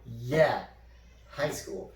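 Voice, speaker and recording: A young man co-hosting a podcast, telling stories in an animated, profane casual chat and acting out what people said. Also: mid-range voice, extremely slow. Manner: animated storytelling, profane, acts out quotes. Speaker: podcast co-host. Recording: roomy echo, mic at a distance.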